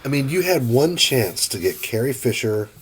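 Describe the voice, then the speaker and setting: A man's voice: mid-range voice, very animated, normal speed, slight background noise. A man in his thirties co-hosting a podcast, giving emphatic, opinionated takes on films in casual chat, swearing now and then. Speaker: podcast co-host. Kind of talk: casual film discussion.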